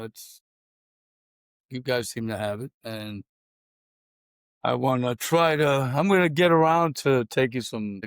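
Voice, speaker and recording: A man with a New York accent hosting a podcast, talking haltingly and laughing often. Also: medium pitch, no room sound, clean studio sound. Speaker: podcast host. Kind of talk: podcast conversation.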